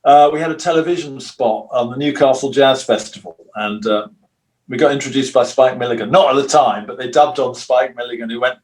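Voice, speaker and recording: An older man, a guitarist, telling long, rambling stories in a relaxed interview and acting out the voices of people he quotes. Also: mid-range voice, fairly quick. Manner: rambling storyteller who acts out quoted voices. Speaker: guitarist guest.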